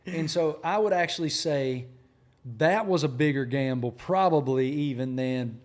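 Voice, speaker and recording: Animated Southern man telling stories. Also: on the high side, a little slow. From Appalachia, Virginia. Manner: animated, emphatic storyteller. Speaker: sports journalist guest. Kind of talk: storytelling interview talk.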